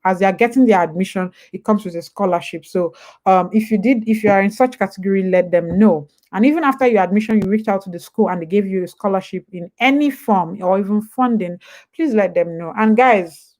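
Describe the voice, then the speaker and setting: A woman's voice: medium pitch, a little fast, a little mellow. A young woman with a Nigerian accent hosting a casual live stream with advice, chatty and digressive, jumping back and forth between topics. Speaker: host.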